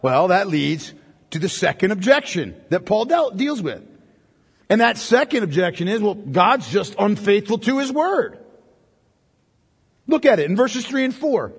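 A man preaching an expository sermon, emphatic, with rhetorical questions that build to forceful peaks. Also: high voice, sing-song, unhurried, husky, long reverb tail.

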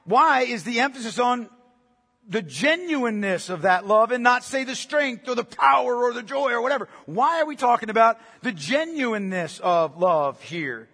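Husky high-voiced man preaching a sermon. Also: animated, normal speed, bright, forceful tone. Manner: earnest, emphatic, asks many rhetorical questions, often adds "right?". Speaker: pastor. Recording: long reverb of a large hall.

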